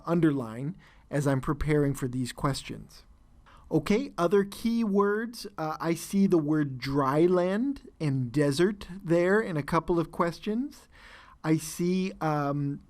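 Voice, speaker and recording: A man teaching an exam listening lesson, explaining answers in a measured way with frequent fillers and restarts. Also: a little high. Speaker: test-prep teacher.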